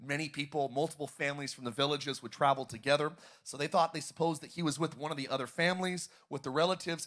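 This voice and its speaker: A man's voice: a little high, expressive, brisk, fairly bright tone. A young adult man, a pastor, preaching a sermon in a church auditorium and drawing call-and-response from the congregation.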